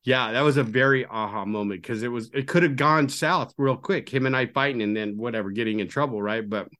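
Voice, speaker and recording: A middle-aged man, a podcast guest and recovery coach, telling his story in an earnest, confiding way that often sinks to a low murmur. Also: brisk, fairly bright tone. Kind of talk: candid storytelling interview.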